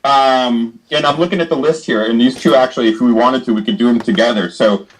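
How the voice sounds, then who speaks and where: A man who is a guest on a podcast, talking about his card game in casual chat, relaxed and hesitant with fillers. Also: mid-range voice, brisk, low-quality recording.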